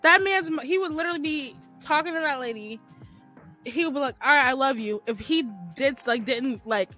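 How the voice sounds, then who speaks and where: A woman's voice: sits high, normal speed, bright, forceful tone, faint music behind. A woman co-hosting a casual chat podcast, telling stories bluntly and candidly with slang. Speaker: podcast co-host.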